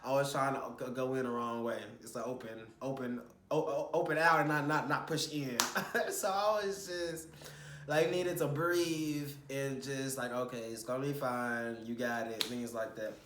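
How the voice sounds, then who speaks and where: A man's voice: medium pitch, unhurried, echoey room, noisy background. A young man telling a casual vlog story about a stressful shoot, rambling and swearing as he recounts his frustrations. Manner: rambling, animated, swears when retelling frustrations.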